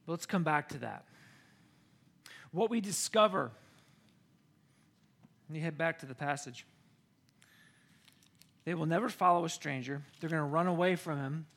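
A middle-aged American man preaching a sermon, telling a personal story with animated, excited bursts. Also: on the high side, normal speed, vocal fry, pauses often. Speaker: pastor.

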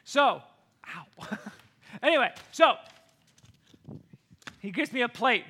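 A middle-aged man tells a homey story straight to camera in a high, bright voice. He is animated and jumps into the voices of the people in the tale. It stays casual and chatty throughout. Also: slow, husky. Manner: animated, acts out quoted voices with big swings. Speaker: vlogger.

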